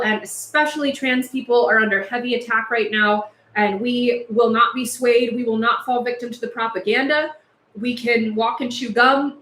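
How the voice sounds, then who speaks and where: A livestream host with a slightly high, fairly bright voice chats casually and speaks out passionately, with laughs between her points. Her house has no air conditioning and she's overheated; the audio sounds roomy.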